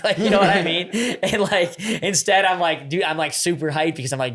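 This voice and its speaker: Young guy in his 20s rattling off rambly interview answers, super quick. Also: on the high side, fairly bright tone. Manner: rambling, full of "like" and "you know". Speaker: wrestler guest. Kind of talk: casual interview chat.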